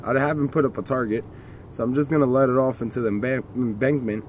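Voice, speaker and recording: A man's voice: medium pitch, fairly even intonation, fast, a little hiss or hum. A man casually talking through a handgun demonstration outdoors in the cold, rambling with folksy jokes and asides. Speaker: gun video host.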